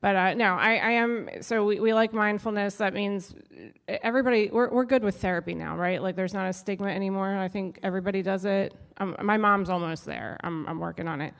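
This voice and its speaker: On a live show stage, a young adult woman comedian does a stand-up set, wry and self-deprecating, with punchy delivery. Her medium-pitched, gravelly voice moves briskly with few pauses, and a long reverb tail follows it.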